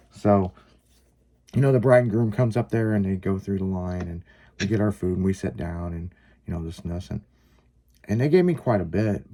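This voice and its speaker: A man casually telling a long personal story, rambling with lots of fillers and some swearing. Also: deep voice. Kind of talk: casual chat, personal anecdote.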